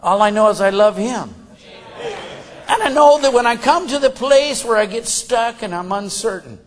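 A high-voiced male preacher in full sermon, folksy and plain-spoken. He swings from loud, shouted emphasis down to hushed asides. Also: expressive, normal speed.

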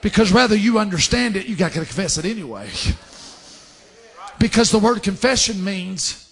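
A man preaching a fervent sermon, dropping to hushed asides and rising to shouted scripture. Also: high-pitched, animated, moderate pace, vocal fry.

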